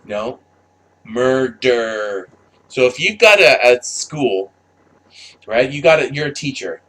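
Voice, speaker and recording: A man talking straight to camera in a loose, unscripted monologue. His voice sits at an ordinary middle pitch. He is blunt and profane and often restarts his sentences. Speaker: commentator.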